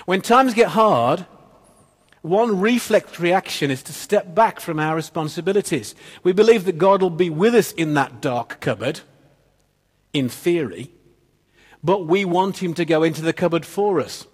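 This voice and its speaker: A man's voice: high voice, animated, unhurried, breathy edge. Preacher man in an echoing hall. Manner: storytelling, trailing off to quiet ends of phrases. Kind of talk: sermon. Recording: long reverb of a church hall.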